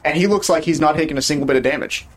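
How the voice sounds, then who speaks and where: A man's voice: fairly high pitch, rapid-fire. A man narrating a tabletop game as game master, describing combat in vivid, punchy terms.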